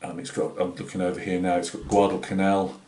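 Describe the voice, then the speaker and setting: A man's voice: sits low, little pitch movement, a little fast, a little mellow, slight background noise. A British man with a Northeast English accent, hosting a scale-modelling channel in casual, rambling vlog chat full of fillers and restarts. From Britain. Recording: roomy echoey room.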